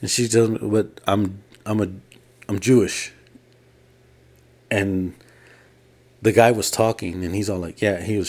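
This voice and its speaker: A man's voice: on the low side, flat delivery, unhurried, long pauses, a little mellow. A man co-hosting a casual podcast, retelling a story at length and quoting people in his own voice. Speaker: podcast co-host. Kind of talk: casual chat.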